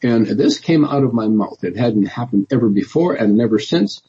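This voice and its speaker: A man's voice: mid-range voice, lively intonation, normal speed, warm tone, breathy edge, lo-fi sound. A man, a politician guest in an interview, telling his story in a rambling way with many restarts and fillers. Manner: rambling, many restarts and "you know", laughs often.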